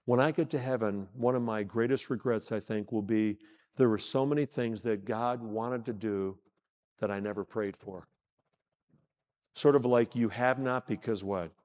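A middle-aged man preaching a sermon, asking the congregation questions, pausing for effect and acting out short exchanges in the story. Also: medium pitch, a little mellow. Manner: preaching with rhetorical questions, dramatic pauses and retold dialogue. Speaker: pastor. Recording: long hall reverb.

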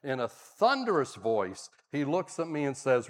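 A man's voice: mid-range voice, unhurried, few pauses, big-room sound. An older man, a pastor, preaching a sermon, telling stories with dry humor. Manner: animated storyteller, dry humor. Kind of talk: sermon with storytelling.

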